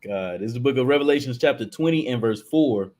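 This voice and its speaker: A man's voice: mid-range voice, lively intonation, quick pace, a little mellow. A man in casual chat who also reads a Bible passage aloud. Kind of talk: casual chat and scripture reading.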